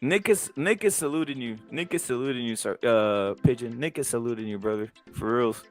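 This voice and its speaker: A man's voice: medium pitch, a little fast, soft background music. A man from Southern California hosting a live stream, joking, rambling and egging on his guest in loose banter.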